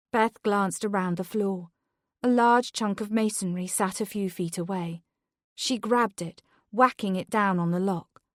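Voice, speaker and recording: A woman narrating a psychological thriller audiobook in a measured, tense, scripted delivery. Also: mid-range voice, no echo, studio quality.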